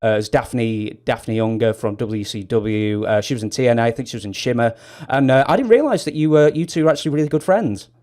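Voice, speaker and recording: A man's voice: medium pitch, a little fast, warm tone. A British man with a northern English accent hosting an interview, joking and self-deprecating with plenty of hesitation. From Britain. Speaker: interview host. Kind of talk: casual interview chat.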